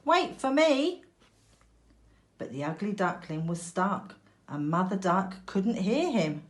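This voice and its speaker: A woman teacher reading a picture book aloud to young children, slow, clear and expressive. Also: lowish voice.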